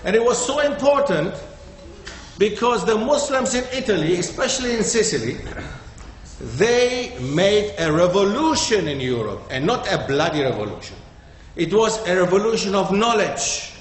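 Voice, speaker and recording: Guy with a high voice lecturing a group, keeps quizzing them, big echoey hall sound. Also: sing-song, normal speed. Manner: quizzes the audience, checks with "okay?". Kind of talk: interactive classroom talk. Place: community centre hall. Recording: echoey hall with faint noise.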